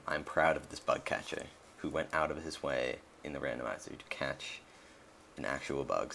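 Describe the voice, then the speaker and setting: Brief: young male let's-player, very deep, gravelly fry, rambling casual commentary, faint hiss behind. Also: fairly bright tone. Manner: rambling, many fillers and restarts.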